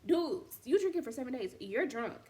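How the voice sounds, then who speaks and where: A woman's voice: high-pitched, sing-song, normal speed, dark tone. A woman hosting a casual faith talk, speaking candidly in slangy, storytelling fashion. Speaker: podcast host and boutique owner.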